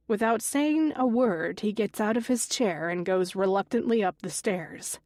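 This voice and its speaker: A woman reads a suspense audiobook in the first person, steady and even. She sits close to a studio microphone in a dead, dry booth with no room sound. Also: mid-range voice, measured pace, hardly any pauses, dry recording. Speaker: audiobook narrator. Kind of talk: first-person thriller narration.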